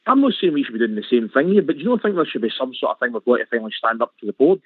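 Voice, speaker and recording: A man's voice: mid-range voice, very animated, racing, breathy edge, no echo. A Scottish man calling in to a radio show, frustrated and saying aye a lot. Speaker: caller. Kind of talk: phone-in call. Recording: tinny phone line.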